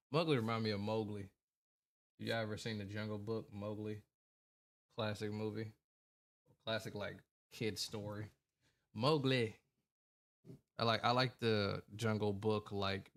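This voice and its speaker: Laid-back low-voiced man chatting to stream chat. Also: creaky. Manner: laid-back, greets chat by name, colloquial. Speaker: gaming streamer. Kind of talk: casual late-night livestream chat.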